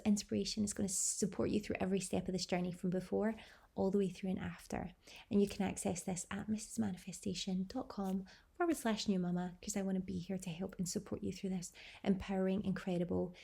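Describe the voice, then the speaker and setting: Young woman vlogger, gravelly mellow voice, talks in big gushing superlatives. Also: mid-range voice, level tone, a little fast. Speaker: vlog host. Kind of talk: personal birth story vlog.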